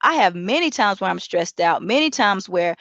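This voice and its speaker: A woman giving a motivational talk, animated, acting out inner dialogue and drawing out key words slowly for emphasis. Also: medium pitch, no room sound, highs cut off. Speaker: motivational speaker.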